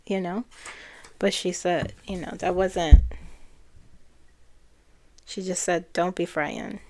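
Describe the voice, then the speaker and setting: Slow, gravelly-voiced woman channeler. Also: fairly low pitch, fairly even intonation. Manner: slow, hesitant, recounting messages with soft laughs. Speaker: spiritual channeler and card reader. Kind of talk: casual spiritual chat.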